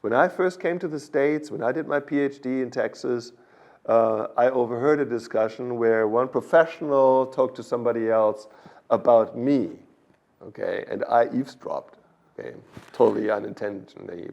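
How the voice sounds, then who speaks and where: A man's voice: medium pitch, normal speed, gravelly, a little mellow, muffled recording. A man with a German accent, a guest expert explaining a topic in a podcast interview, in a lecturing way that keeps checking in with "okay?". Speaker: animal science expert guest.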